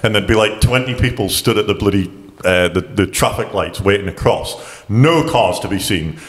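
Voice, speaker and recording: A man's voice: fairly low pitch, normal speed. A man chatting on a podcast as a guest, cursing freely and laughing while he tells stories. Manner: swears a lot, laughs while telling stories. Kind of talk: casual chat. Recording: long hall reverb.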